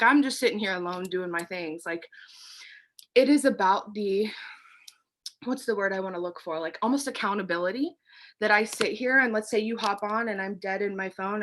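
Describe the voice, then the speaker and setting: A woman's voice: medium pitch, a bit bright. A young woman, out of breath, giving a chatty team pep talk, full of fillers and casual swearing. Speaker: team leader. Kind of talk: casual motivational team chat.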